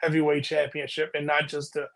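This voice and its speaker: A man's voice: fairly high pitch, monotone, brisk, gravelly, fairly bright tone. A man co-hosting a casual podcast chat, explaining his views earnestly and often breaking off mid-sentence. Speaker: podcast co-host.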